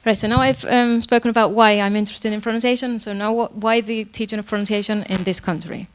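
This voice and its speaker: A woman's voice: mid-range voice, fairly even intonation, fast talker, a little hiss or hum. A woman lecturer giving an academic presentation on pronunciation teaching, explaining with frequent fillers and self-corrections. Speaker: university lecturer.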